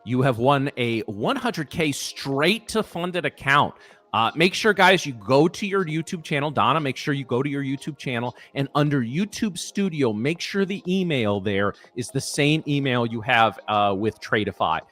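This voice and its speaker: A man's voice: mid-range voice, animated, normal speed, a bit bright. A man from the American Midwest hosting a casual live trading stream and running a giveaway. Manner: chatty, hosts the giveaway. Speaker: co-host.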